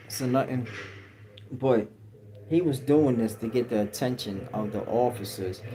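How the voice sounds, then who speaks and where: A livestream host with a mid-range, dark-toned voice tells a story in a casual, slang-heavy way, acting out the quotes. The low-quality recording carries slight background noise.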